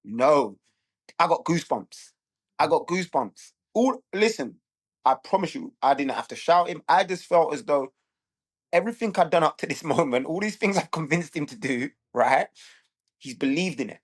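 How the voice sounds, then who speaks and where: A man talks in a casual podcast chat with a blunt, emphatic delivery. His voice sits a little high for a man. He keeps turning to his listeners to check they are following him. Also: animated, moderate pace. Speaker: guest, former pro footballer and youth strength coach.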